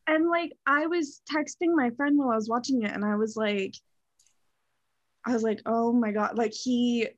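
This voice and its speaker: A woman's voice: on the high side, fairly even intonation, moderate pace, dry recording. Woman, podcast co-host, casual chat, effusive, lots of "like", dry lo-fi recording. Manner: effusive, heavy use of "like". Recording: dull lo-fi dry sound.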